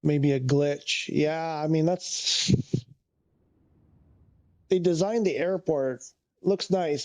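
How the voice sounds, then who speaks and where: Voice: medium pitch, unhurried, a little mellow, no room sound. A flight sim streamer talking to themselves during live gameplay, muttering, sighing often and getting easily frustrated.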